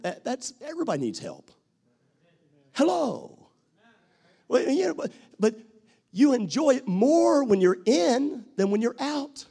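A man preaching a sermon as pastor, acting out what people say and rising to shouts at his peaks. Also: sits high.

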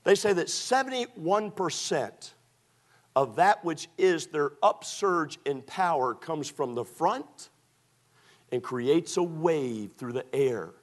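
A man preaching a sermon as pastor, moving from quiet storytelling to shouted exhortation. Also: a little high, expressive, slow.

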